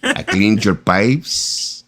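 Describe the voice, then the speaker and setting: A man voicing a flirty adult male maintenance man with a put-on Mexican Spanish accent, slow and teasing, as a comic bit on a live stream. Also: lowish voice, animated, a bit bright, heavily acted.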